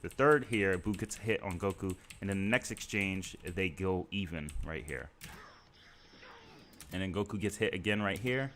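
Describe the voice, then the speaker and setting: A man's voice: low-pitched, normal speed, fairly bright tone, a little hiss or hum. A man hosting a live stream, talking through scenes one by one in a casual, conversational way with fillers. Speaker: stream host.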